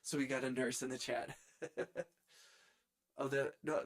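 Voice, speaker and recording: A man's voice: mid-range voice, fairly even intonation, unhurried, long pauses. A man who produces music, chatting casually on a live stream from his home studio, goofy and playfully repeating words. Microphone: studio dynamic microphone.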